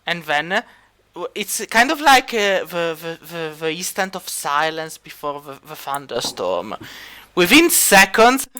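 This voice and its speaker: Game master, slow and bright-toned, hesitant with fillers, clear voice. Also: mid-range voice, big pitch swings. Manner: hesitant, many fillers and restarts. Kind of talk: narrating a tabletop game.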